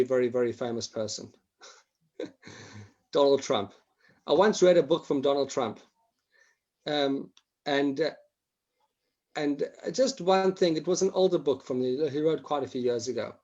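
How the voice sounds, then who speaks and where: A man's voice: a little high, darkish tone, lo-fi sound. A man teaching a Torah class online, acting out examples and often restarting his sentences.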